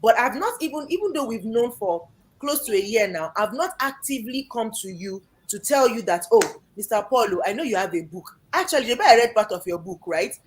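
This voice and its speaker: A woman with a Nigerian accent speaking as an energetic, emphatic guest in an interview. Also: fairly high pitch, brisk, a little hiss or hum. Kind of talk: lively interview talk.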